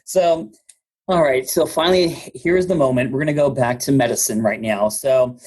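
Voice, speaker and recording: A man's voice: mid-range voice, normal speed, a little mellow, breathy edge. A man hosting a podcast interview in a jovial, casual way, laughing often and stumbling over his words. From United States. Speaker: podcast host.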